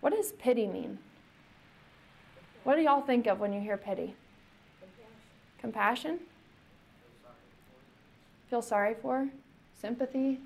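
Woman pastor, slightly high-pitched, relaxed conversational sermon with questions to the room. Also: slow pace, vocal fry, long pauses. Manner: conversational, asks the congregation questions.

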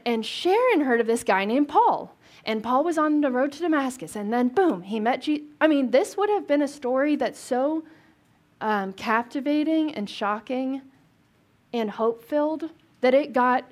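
A woman giving casual Bible teaching, conversational and chatty, with asides and rhetorical questions. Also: on the high side.

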